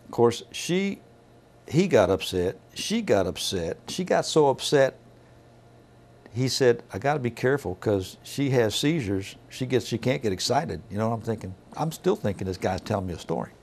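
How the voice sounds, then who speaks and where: A man's voice: mid-range voice, very animated, normal speed, darkish tone. A middle-aged man working as a weigh station inspector, telling stories in a folksy, casual way and acting out the dialogue. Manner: folksy, acts out dialogue in others' voices. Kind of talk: casual storytelling.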